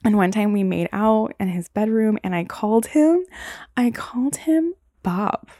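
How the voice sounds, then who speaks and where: A woman's voice: mid-range voice, measured pace, dark tone, dry recording, clean studio sound. A young woman hosting a solo podcast, telling stories casually with lots of "like" and "um". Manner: casual, rambling, frequent "like" and "um". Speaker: podcast host.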